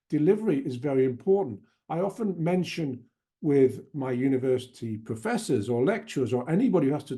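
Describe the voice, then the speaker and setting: A man's voice: on the high side, warm tone. A man who works as a language coach and teacher trainer, giving an emphatic, conversational webinar presentation with frequent restarts and asides.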